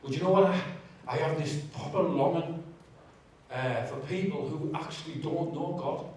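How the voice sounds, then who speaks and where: A man sharing his testimony in a church, with animated, self-mocking storytelling and asides to the audience. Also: on the high side, normal speed, a little hiss or hum. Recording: echoey church hall, distant mic.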